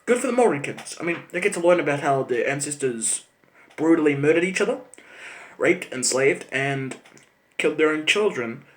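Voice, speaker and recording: A man with a New Zealand accent rants to camera. He is profane and sarcastic, and his voice sits slightly high for a man. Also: animated, normal speed. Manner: angry, profane, sarcastic ranting. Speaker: channel host. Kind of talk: ranting vlog monologue.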